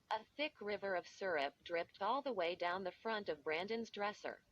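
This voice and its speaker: A woman narrating an audiobook at an unhurried, deliberate pace. Her reading is steady and even. The recording is dull and lo-fi, with the top end rolled off. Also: medium pitch, a little hiss or hum. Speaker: audiobook reader. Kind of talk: first-person audiobook narration.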